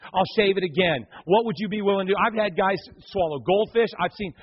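A middle-aged man preaching a sermon, telling stories dramatically and swinging from hushed tones to loud, fervent appeals. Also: high voice, a little fast, husky. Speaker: pastor. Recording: dull lo-fi recording.

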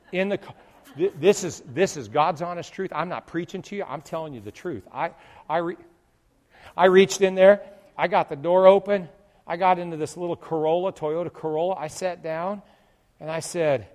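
A middle-aged male pastor telling a humorous story in a sermon, jumping from loud exclamations to quiet asides. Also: high voice, moderate pace, long reverb tail.

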